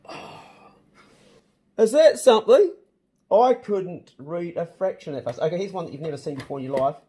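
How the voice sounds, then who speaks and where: A man's voice: sits high, expressive, normal speed, warm tone, breathy edge. A man with a New Zealand accent, chatting casually and jokily as host of his home vlog. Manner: easygoing, jokey, matey slang. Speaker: channel host.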